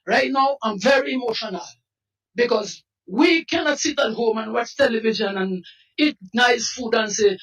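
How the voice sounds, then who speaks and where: A Dominican man, a protest activist, speaking in an impassioned, pleading way that often rises to a shout. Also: very high-pitched, animated, moderate pace. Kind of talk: impassioned street interview. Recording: voice from some distance off the mic.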